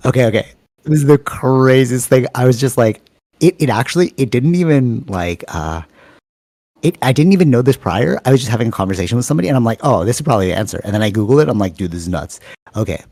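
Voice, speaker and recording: A man co-hosting a podcast in casual chat, talking quickly and animatedly, rambling from thought to thought over a video call. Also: mid-range voice, animated, warm tone, no room sound, studio quality. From Canada. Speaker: podcast co-host.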